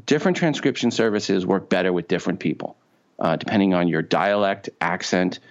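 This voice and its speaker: A man's voice: low voice, brisk. A man with a New York accent co-hosting a podcast, chatting casually with repeated words and sarcastic asides. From Long Island, New York. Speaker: podcast co-host. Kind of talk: casual chat. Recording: dull lo-fi sound.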